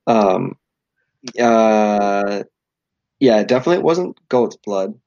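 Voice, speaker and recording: A man with a gravelly, fry-heavy voice whose pitch swings lively as he jokes. He talks loosely, peppering his lines with "like." The recording is dry and dull. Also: slow pace, no echo. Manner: joking, says "like" a lot. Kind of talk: casual podcast chat.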